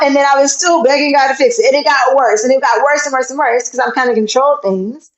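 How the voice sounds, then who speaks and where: Quick, high-voiced woman in an echoey room. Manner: animated storyteller, acts out voices in her tale. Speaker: guest. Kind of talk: casual chat. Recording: echoey, dull lo-fi sound.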